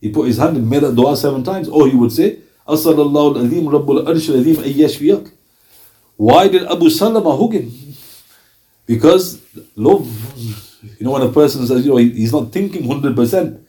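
An Islamic teacher with a slightly high, dark-toned voice delivers a quick-paced religious lecture on Islamic history. He reads narrations, poses rhetorical questions, and often acts out the quoted speakers with dramatic emphasis.

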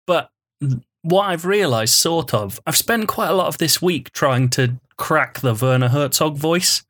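A man's voice: a little high, lively intonation, unhurried, fairly bright tone. Chatty man on a comedy podcast. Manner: chatty, rambling, laughs often. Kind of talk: casual comedy chat.

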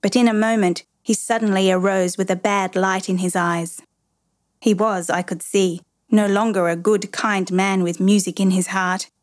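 A woman narrating a children's story in a measured, gently expressive reading. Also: medium pitch.

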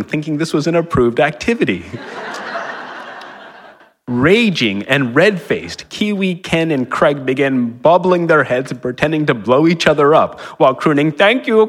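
A man's voice: fairly high pitch, long reverb tail. Wry man reading his comic fiction aloud. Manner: chuckles at his own lines, wry asides. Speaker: author reading his own work.

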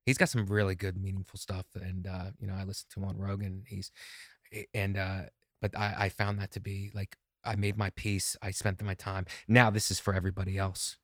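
A man in his forties with a fairly low voice speaks earnestly and reflectively, often repeating himself as he works through a thought. The recording is close and dry. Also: little pitch movement, brisk, no echo. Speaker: podcast guest, comedian. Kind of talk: casual conversation.

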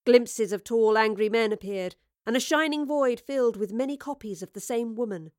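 A woman giving scripted audiobook narration of a story in a measured, vivid storytelling manner. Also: on the high side, a little mellow, no echo, clean studio sound.

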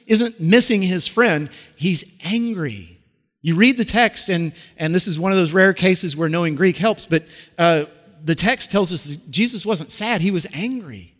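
A middle-aged male pastor preaches in a lively, conversational way. He asks the congregation questions and often restarts his sentences. His voice sits a little high for a man, and the long reverb of a large hall trails after each phrase. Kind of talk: sermon.

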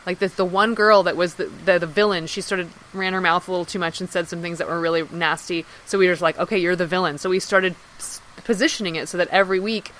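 A woman's voice: on the low side, fast talker, a little hiss or hum, poor audio. A woman guest on a podcast telling an anecdote in casual talk, acting out what people said. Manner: lively anecdote-telling, acts out quoted speech. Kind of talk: casual storytelling.

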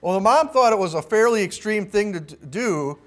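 A man's voice: high-pitched, animated, brisk, fairly bright tone. A male pastor preaching a sermon, telling a story with acted-out quotes and some restarts.

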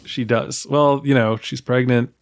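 A man's voice: mid-range voice, fairly even intonation, unhurried, dry recording, clean studio sound. A man co-hosting a casual film podcast, joking and laughing as he talks. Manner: wisecracking, laughs between jokes. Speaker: podcast co-host.

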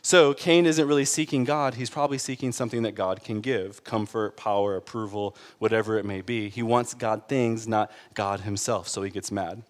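A man's voice: lowish voice, fairly even intonation, moderate pace, hardly any pauses, in a large hall. A man preaching a sermon in an earnest, conversational way, building to emphatic peaks. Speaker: pastor.

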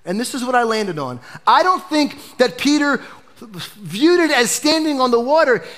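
Animated male pastor preaching a sermon. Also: very high voice, moderate pace. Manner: animated preaching, dropping to a hush for emphasis.

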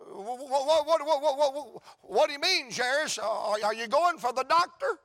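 A man voicing a curious passerby who keeps asking questions in a high, insistent voice. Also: normal speed, a bit bright, no echo, studio quality. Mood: questioning. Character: curious adult male passerby, eager and questioning.

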